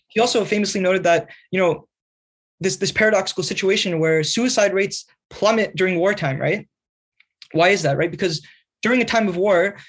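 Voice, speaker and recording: A man's voice: high-pitched, slightly rough. A man answering interview questions earnestly, explaining ideas at length and often checking in with "right?". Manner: earnest, lecturing, keeps adding "right?". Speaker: guest, magazine writer.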